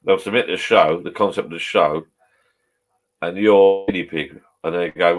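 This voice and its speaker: Bloke, fifties, low voice, a few beers in, rambling sweary chat in his pub shed. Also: steady tone, moderate pace. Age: 50s. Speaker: vlogger.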